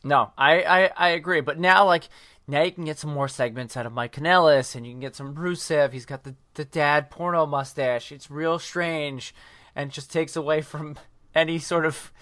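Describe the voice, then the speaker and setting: A man co-hosting a podcast, chatting casually and excitedly about wrestling and breaking in with live updates. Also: fairly high pitch, moderate pace, no echo. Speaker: podcast co-host.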